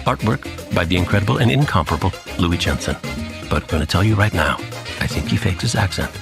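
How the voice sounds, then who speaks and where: A man doing a deep, gravelly late-night announcer who croons the credits slowly and seductively. His low voice sits over clear background music. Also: lively intonation. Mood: crooning. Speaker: podcast co-host reading credits. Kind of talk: mock-seductive credits read.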